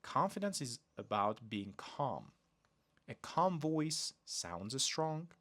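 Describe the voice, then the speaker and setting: Slow, animated male teacher. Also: mid-range voice. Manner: slow, deliberate delivery with lively emphasis on example phrases. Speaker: English teacher, podcast host. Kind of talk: podcast lesson.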